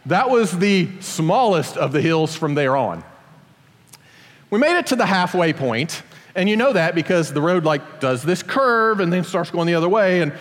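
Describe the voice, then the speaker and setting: Man, middle-aged, high-pitched, animated storyteller, self-deprecating, long hall reverb. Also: moderate pace. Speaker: father telling a personal story. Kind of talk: storytelling to an audience.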